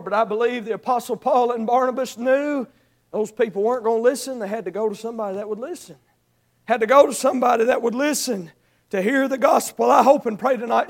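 A man with a very high voice preaches a sermon. He rises into loud shouted exhortation, then drops to soft, pleading appeals. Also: vocal fry. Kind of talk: evangelistic sermon.

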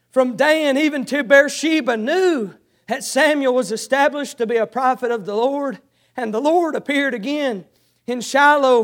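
A man preaching a sermon, swinging between shouted exhortation and quiet storytelling with old-fashioned scripture reading. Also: very high-pitched.

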